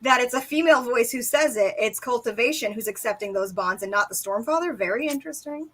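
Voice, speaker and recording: A young woman talks casually on a live stream about books, her voice sitting a bit high. She is excitable and swears freely, slipping into little acted quotes as she goes. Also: fast, poor audio. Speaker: book discussion co-host.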